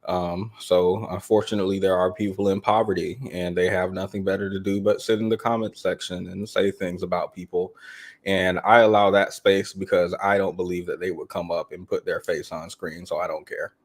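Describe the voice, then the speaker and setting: Deep-voiced man with dry, deadpan delivery. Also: a little fast. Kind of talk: casual podcast chat.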